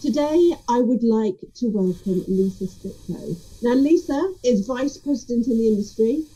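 Woman, podcast host, husky breathy tone, upbeat, welcoming, remote interview. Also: a little high, animated, moderate pace, warm tone, poor audio. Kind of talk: scripted podcast intro then casual interview chat.

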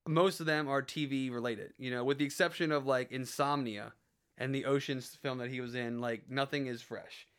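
A man's voice: medium pitch, steady tone, moderate pace, fairly bright tone, clean tone. A man in casual chat as a podcast co-host, rambling with many fillers and restarts.

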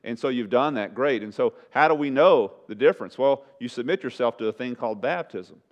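A man's voice: medium pitch, lively intonation, fairly quick. Emphatic male preacher, dull recording. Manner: swings from loud emphatic preaching to hushed pleading; asks the congregation rhetorical questions. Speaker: pastor. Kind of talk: sermon.

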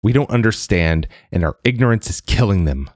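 A man's voice: sits low, big pitch swings, moderate pace, darkish tone, slightly rough, no echo, clean studio sound, exaggerated voice. A man playing a stubborn old woman scientist. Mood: insistent. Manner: insistent, urgent.

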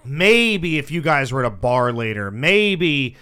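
A man's voice: medium pitch, very animated, bright, forceful tone, clean tone. A man who works in radio, riffing emphatically on a casual podcast chat. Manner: quick, emphatic, riffing with impressions.

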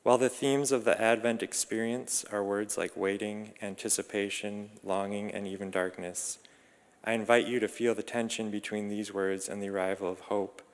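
A man narrates a reflective first-person story with calm, measured delivery. His voice is low and smooth, with little rise and fall, and it rings out with a long reverb.

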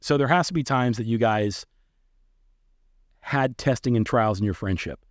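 A man's voice: medium pitch, moderate pace, dry recording, clean studio sound. A man hosting a casual podcast interview, asking probing questions with playful teasing and stammering restarts. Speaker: podcast host.

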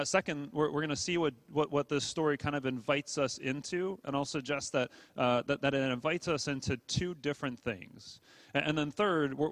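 A man's voice: on the high side, no room sound. A man preaching a sermon to a congregation in an earnest way, often repeating words and checking in with the room. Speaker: pastor.

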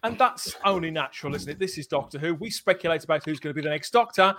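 A man's voice: on the high side, expressive, fast talker, sharp tone. A man hosting a livestream panel chat, steering the talk and reading out viewer comments. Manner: leads discussion, reads viewer comments. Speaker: podcast host.

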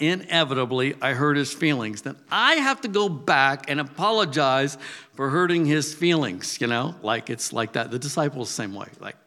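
A man's voice: medium pitch, a bit bright, big-room sound. Older man teaching scripture casually. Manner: conversational, restarts and asides, acts out quotes. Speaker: Bible teacher.

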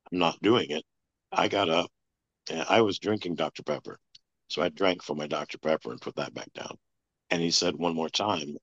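A man telling a long personal story as an interview guest, in a flat, matter-of-fact way. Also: low-pitched, vocal fry, no echo. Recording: dull lo-fi sound.

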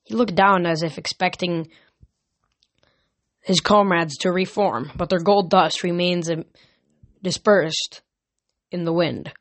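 A woman reading a storybook aloud at a steady pace, with small slips and self-corrections. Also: lowish voice, slow pace, pauses often. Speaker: reader. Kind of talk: amateur audiobook reading.

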